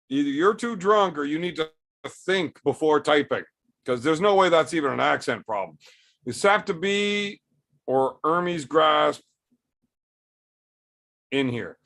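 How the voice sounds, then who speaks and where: A young man on a livestream, talking loose and profane as he reads out chat messages. His voice sits a little higher than most men's, and his delivery is blunt and joking, with plenty of cursing. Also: fairly bright tone. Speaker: streamer reading live chat.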